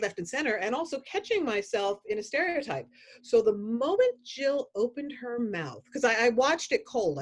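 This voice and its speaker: A woman moderating a virtual film panel, animated and quick to laugh. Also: medium pitch.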